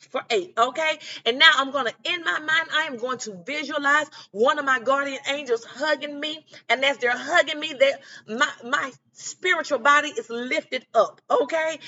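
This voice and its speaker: A woman's voice: high-pitched, bright, forceful tone, lo-fi sound. A woman giving a casual, encouraging spiritual pep talk, often checking in with "okay?" and "you know what I'm saying?". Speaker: spiritual guidance creator.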